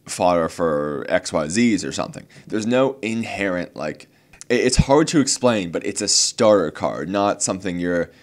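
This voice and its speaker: Low-voiced young man, rambling vlog talk. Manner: rambling, many fillers and restarts; earnest, a little exasperated. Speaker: card game channel host. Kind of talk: casual talk to camera.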